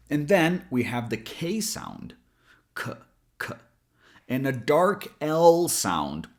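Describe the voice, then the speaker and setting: Slow, careful male accent coach. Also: medium pitch. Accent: American. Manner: slow, careful, demonstrating sounds. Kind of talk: pronunciation lesson.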